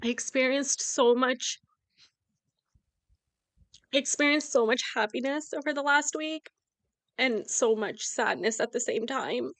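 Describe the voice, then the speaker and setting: A woman's voice: sits high, measured pace, pauses often, fairly bright tone, no room sound. Emotional woman speaking with raw candor. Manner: candid, tearful, speaks of grief with nervous laughs. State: emotional, close to tears. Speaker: podcast co-host. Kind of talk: emotional casual podcast chat.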